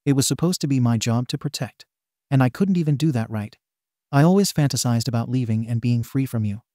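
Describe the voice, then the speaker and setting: A man's voice: mid-range voice, brisk, warm tone, dry recording, studio quality, lightly acted. A man voicing a bitter, scarred young male villain confronting his father in a fan fiction reading, menacing and accusing.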